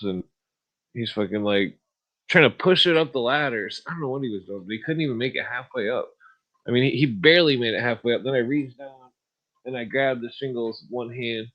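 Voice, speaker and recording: A man's voice: mid-range voice, fairly bright tone, rough recording. A man hosting a podcast, talking in a rambling, profane monologue and laughing at his own stories. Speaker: podcast host.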